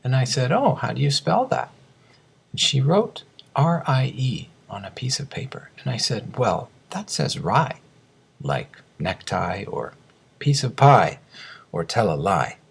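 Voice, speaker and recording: Slow, gravelly male pronunciation teacher. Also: medium pitch, sing-song. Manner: slow, deliberate word drills. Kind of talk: scripted lesson narration.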